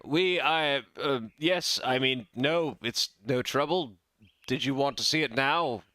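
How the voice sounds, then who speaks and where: A man voicing a nervous, deferential monk in a video game who stammers and apologizes, in a bright voice. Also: mid-range voice, slow. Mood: flustered.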